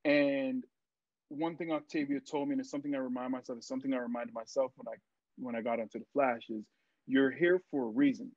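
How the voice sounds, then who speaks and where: A young man and actor, a podcast guest, telling stories in a casual interview, lively and full of fillers as he acts out what people said. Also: mid-range voice, fast, no room sound. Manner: animated storyteller, acts out quotes, many fillers. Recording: dry, muffled lo-fi sound.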